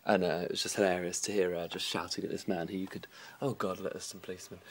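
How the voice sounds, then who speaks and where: A man vlogging casually from his phone at home, gossiping about his neighbours with lots of energy. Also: quick pace. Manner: animated, mimics neighbours in shrill shouts and whispers. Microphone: phone camera held by hand.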